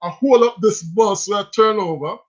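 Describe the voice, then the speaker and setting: Jamaican guy, kinda high voice, laughing thru his stories, lo-fi sound. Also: normal speed. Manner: animated, laughs often, speaks in patois. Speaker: livestream host. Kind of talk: casual storytelling. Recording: slightly dull lo-fi sound.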